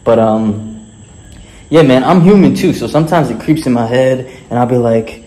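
Male vlogger-coach, mid-pitched voice, cocky swagger, cusses constantly, slangy motivational rant. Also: normal speed, warm tone. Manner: boastful and heavily profane. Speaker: fitness and mindset coach. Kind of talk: motivational vlog monologue.

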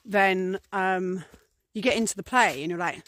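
A woman's voice: mid-range voice, moderate pace, fairly bright tone, dry recording. Woman vlogger, loose rambling chat to camera, lots of ums, acts out little scenes. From England. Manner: chatty and rambling, many fillers, voices little acted scenes. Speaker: priestess and vlogger. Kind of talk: casual talk to camera.

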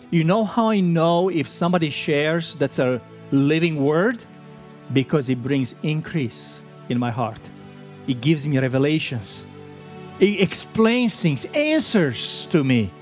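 Slow, earnest preaching man. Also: a little high, a little mellow. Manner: conversational, earnest preaching with frequent fillers. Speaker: pastor. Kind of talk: sermon. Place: church hall.

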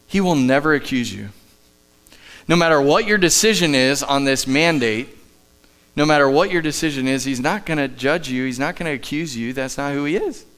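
Recorded live in a church sanctuary, a male pastor delivers his sermon at a normal speed in a smooth voice pitched a bit above most men's. He alternates forceful emphasis with quiet, soft-spoken asides, and a faint electrical hum can be heard in the background.

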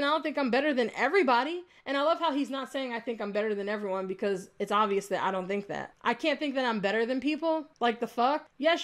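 A young woman hits back at a critic in a heated, sarcastic vlog rant, swearing freely. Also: sits high. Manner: indignant, profane, sarcastic. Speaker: YouTuber responding to a critic. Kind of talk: heated rebuttal rant to camera.

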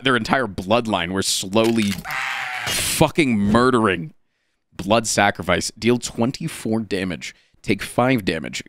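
A man streaming a card game, reading card text aloud and reacting with animated, profane commentary. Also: on the low side, dry recording. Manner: animated and profane, swinging between flat card reading and excited outbursts.

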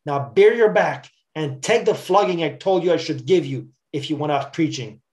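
A man's voice: fairly high pitch, normal speed, a little mellow, natural voice. A harsh, commanding slave master barks orders at a man he has flogged, read aloud by a preacher in his own plain voice. The delivery is firm and stern rather than fully acted. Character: harsh male slave master, later broken.

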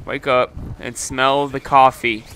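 Young guy commentating his match, bright tone, cusses constantly, faint game sounds in back. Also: mid-range voice, level tone, slow, a little hiss or hum. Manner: swears a lot, frustrated outbursts. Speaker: gameplay commentator. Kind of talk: live gameplay commentary.

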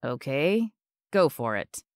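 A woman voicing a confident, tender young man in love, speaking low and softly. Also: big pitch swings, takes it slowly, smooth, no room sound, clean studio sound, full character voice.

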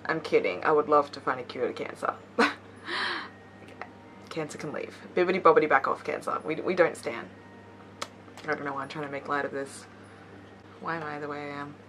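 A woman's voice: low-pitched, a little fast, long pauses, fairly bright tone. Young woman, YouTuber, reading memes aloud, giggly, playful, self-mocking asides, faint background noise. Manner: giggly, laughs between lines.

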